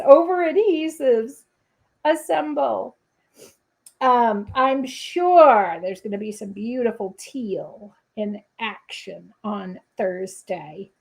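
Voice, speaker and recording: High-voiced, unhurried woman crafting host. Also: darkish tone. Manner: chatty, hums little scat tunes while working; talks directly to viewers, playful asides. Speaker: papercrafting livestream host. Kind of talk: casual crafting demo livestream.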